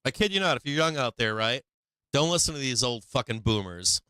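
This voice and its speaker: A man's voice: medium pitch, expressive, fairly quick, sharp tone, smooth, dry recording. A man hosting a stock market live stream, ranting bluntly and profanely in a casual, preachy way with frequent laughs.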